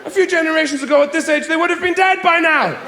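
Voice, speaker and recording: A man from Ireland doing a stand-up comedy set, rambling, muttering into asides and then bursting into loud mocking quotes, recorded live in a roomy venue. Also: very high-pitched, quick pace, a crowd in the background, noisy background.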